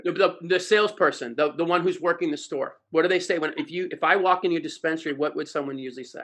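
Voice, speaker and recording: A man with a notably high voice tells a story in a playful, self-mocking way. He acts out the other people's lines as he goes. He is speaking over a video call. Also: fast, a bit bright. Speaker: sales trainer speaking at an online expo.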